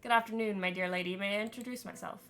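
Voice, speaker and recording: A woman's voice: mid-range voice, fairly even intonation, quick pace, a bit bright, faint music behind, close to an everyday voice. A woman reading the lines of a formal, flowery male ghost, a genteel old-fashioned writer. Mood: courtly.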